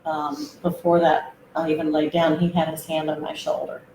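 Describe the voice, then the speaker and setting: A woman guest telling a personal story, hesitant and reflective, with many pauses and fillers. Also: low-pitched, flat delivery, mellow, slight background noise. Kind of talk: personal testimony. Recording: roomy echo.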